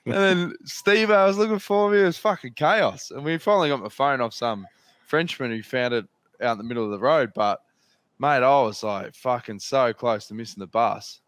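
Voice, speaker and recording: A man's voice: mid-range voice, normal speed, a bit bright, no echo. An Australian man spins loose, rambling anecdotes as a podcast host, swearing freely along the way. His voice sits mid-range and sounds close and dry, with no room around it. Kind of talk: casual storytelling chat.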